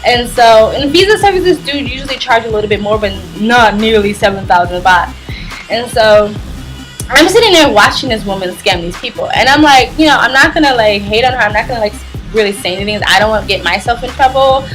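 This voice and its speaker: Chatty, slightly high-voiced woman vlogger. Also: animated, a little fast, a bit bright, soft background music, low-quality recording. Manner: chatty, rambling, lots of "like". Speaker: travel vlogger. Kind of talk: storytime vlog.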